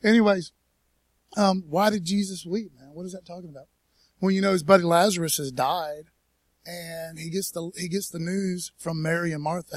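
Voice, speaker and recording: A man's voice: high voice, fairly even intonation, moderate pace, dry recording. A man preaching a casual, conversational sermon in church, folksy, with lots of "man" and "you know". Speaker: pastor.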